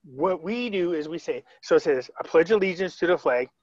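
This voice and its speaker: A man's voice: a little high, expressive, a little fast, muffled recording. A man telling a story on a video call in a casual, rambling way, retelling quotes with frequent restarts. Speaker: interviewee.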